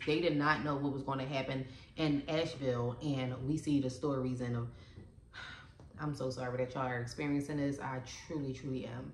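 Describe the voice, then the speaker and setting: Earnest low-voiced woman vlogger saying "y'all". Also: roomy sound, a little hiss or hum. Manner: earnest and emotional, says "y'all" often. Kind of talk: casual vlog chat.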